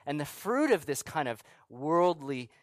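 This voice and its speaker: Pastor, man, middle-aged, chatty sermon delivery with rhetorical questions, slightly high voice, dry close sound. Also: very animated, measured pace, no room sound. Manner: conversational preaching with frequent rhetorical questions and asides.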